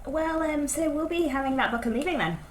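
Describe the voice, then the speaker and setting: A woman's voice: sits high, a little fast, noisy background. A British woman playing a tabletop game, making dry jokes at the table. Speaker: player. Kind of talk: casual game table chat. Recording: roomy.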